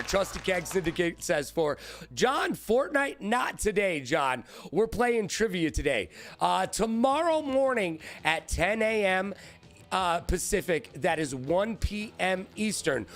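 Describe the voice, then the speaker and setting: A man hosting a live-streamed trivia show, hyped and playful, shouting out viewers by name. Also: sits high.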